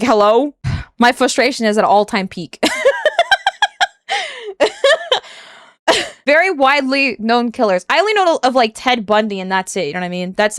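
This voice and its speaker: A woman's voice: mid-range voice, clean tone, no echo, clean studio sound. A young woman streaming a casual reaction commentary, exasperated and rambling, swearing often and breaking into laughs.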